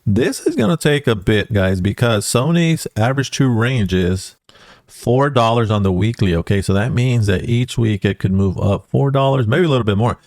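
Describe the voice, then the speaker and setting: A trading educator walks casually through stock charts on a screen share, tagging his lines with "okay" and "guys." His voice is medium-pitched and animated with a darkish tone, at a moderate pace, recorded at studio quality with no room sound.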